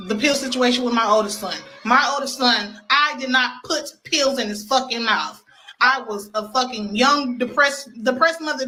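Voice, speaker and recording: High, bright-voiced ranting woman. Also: low-quality recording. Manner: defensive, indignant, cursing. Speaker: livestreamer defending herself. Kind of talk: profane livestream rant.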